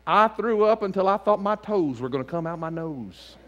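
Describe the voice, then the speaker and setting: Man, pastor, lively preaching, slightly higher voice, church sanctuary. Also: normal speed, lo-fi sound. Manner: animated preaching, swinging between loud and hushed. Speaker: lead pastor. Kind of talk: sermon.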